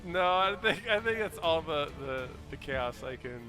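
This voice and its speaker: A man's voice: on the high side, expressive, normal speed, music in the background. A man playing a tabletop game with friends, chatting casually and playfully, often laughing and stumbling over his words. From Canada or Australia. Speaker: player.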